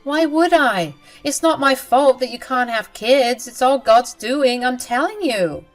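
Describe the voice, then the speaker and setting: A woman's voice: high-pitched, expressive, unhurried, faint music behind, voice pushed up, low-quality recording. A woman voicing a cruel, smug young sister-in-law who talks down to everyone in a self-righteous way.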